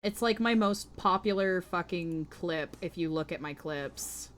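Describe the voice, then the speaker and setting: A woman's voice: fairly low pitch, unhurried, fairly bright tone. A woman streamer chatting casually with her viewers while she draws, playful, flirty and crude. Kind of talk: casual livestream chat while drawing.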